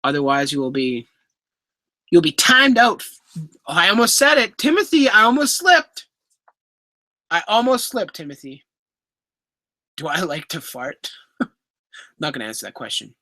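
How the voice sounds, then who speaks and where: A young man in his twenties hosts a relaxed livestream, reading viewer questions and answering in a chatty, quick-to-apologize way. His voice is bright and forward, and the sound is dry and close with no room around it. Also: on the high side, no room sound. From Canada. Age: 20s. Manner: chatty, apologetic, easily laughing. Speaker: livestream host. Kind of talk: casual livestream Q&A, reading chat aloud.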